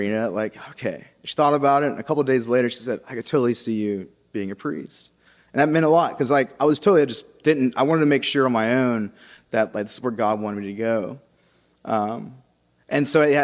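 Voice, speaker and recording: A young man sharing his personal faith story with a congregation, halting and casual with many fillers and restarts. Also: medium pitch. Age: young adult. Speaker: seminarian giving a vocation talk. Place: large church. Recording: long church reverb.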